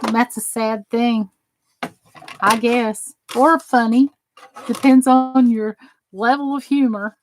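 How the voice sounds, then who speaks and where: In this clip her fairly high voice stays fairly even and slow, with frequent pauses, as the Southern-accented crafting host rambles through a live die-cutting demo and reads chat aloud. The recording is rough.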